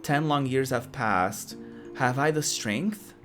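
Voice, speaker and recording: A young knight in a retro game speaks in stiff, old-fashioned formality, read out by a woman. The delivery is slow and measured, with soft game music behind. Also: a bass voice, exaggerated voice. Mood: solemn. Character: young male squire knight, formal and doubtful.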